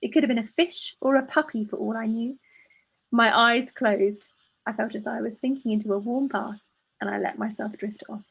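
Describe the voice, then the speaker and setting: A woman's voice: a little high, moderate pace, creaky, fairly bright tone, slightly rough. A woman co-hosting a podcast, chatting casually, laughing often and reading a listener's letter aloud. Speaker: podcast co-host.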